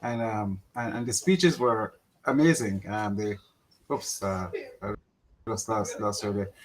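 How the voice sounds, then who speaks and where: A man calling into a livestream, speaking in a halting, hesitant way. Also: on the low side, poor audio. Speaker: caller. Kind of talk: casual chat.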